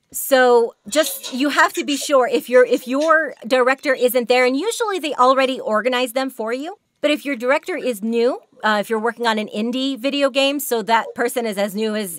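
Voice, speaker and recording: A hoarse woman giving a chatty workshop talk on voice acting, laughing often as she goes. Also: fairly high pitch, no echo. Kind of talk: workshop presentation.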